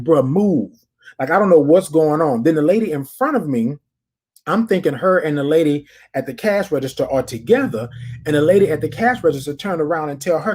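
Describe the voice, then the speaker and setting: A podcast host telling a story casually, animated, repeating phrases and talking straight to the listeners. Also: mid-range voice, slightly rough.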